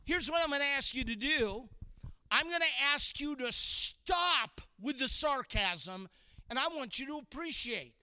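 Guy youth pastor preaching, really high bright voice, slow and deliberate, playful sarcastic bits. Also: smooth, dry recording. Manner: playful, sarcastic asides and animated acted-out quotes. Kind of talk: sermon to a youth audience.

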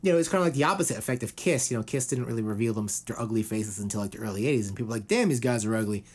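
A man hosting a casual podcast, rambling with lots of fillers and quick put-on quotes. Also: mid-range voice, a little mellow. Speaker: podcast host.

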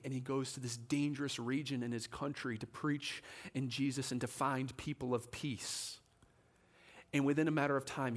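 A man preaching a sermon in a church, telling a story with animation and acting out the voices of the people in it. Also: medium pitch. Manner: animated, acts out quoted voices.

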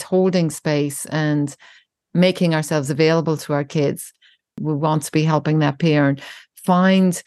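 Low-voiced woman speaking thoughtfully on parenting. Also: dry recording, clean studio sound. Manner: thoughtful, frequent restarts, gentle examples. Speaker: parenting educator guest. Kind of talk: reflective podcast conversation.

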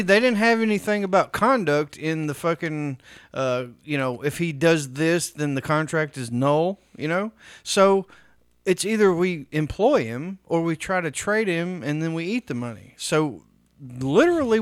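A man's voice: fairly high pitch, expressive, normal speed, clear, resonant tone, dry recording, studio quality. A man co-hosting a podcast, joking crudely and swearing in casual banter. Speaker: podcast co-host. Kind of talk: casual chat.

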